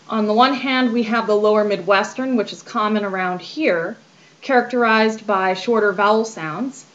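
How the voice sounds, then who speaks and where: A woman with a Western Canadian accent speaks in an earnest, friendly way, now and then restarting a phrase. Her voice sits at a middling pitch for a woman. The recording is slightly dull and lo-fi. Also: fairly bright tone. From Canada (British Columbia). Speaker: vlogger. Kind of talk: casual explanatory monologue and paragraph reading.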